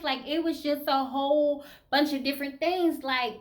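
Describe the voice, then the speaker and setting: A vlogger in her thirties from the American South talks candidly and casually to her viewers in a Southern accent, peppering her speech with "you know" and "like." Her voice is high-pitched and steady in tone, at a moderate pace with few pauses.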